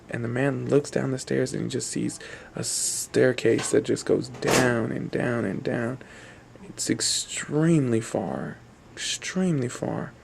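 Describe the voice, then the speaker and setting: Gravelly man telling a rambling story. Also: mid-range voice, darkish tone, a little hiss or hum. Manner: rambling, repetitive, voices quoted characters. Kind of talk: spoken campfire-style storytelling.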